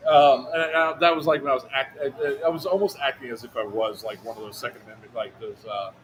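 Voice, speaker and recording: A man telling a story in casual chat on a livestream, animated and profane, acting out other people's lines. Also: mid-range voice, fast, heavy background noise. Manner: animated, profane, acts out quotes in a raised voice. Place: outdoor airsoft event.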